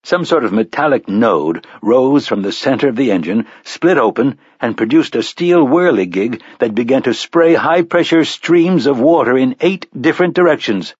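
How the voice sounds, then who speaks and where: Husky male audiobook narrator. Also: medium pitch, dry recording, highs cut off. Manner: dramatic storytelling, varied emphasis. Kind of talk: scripted narration.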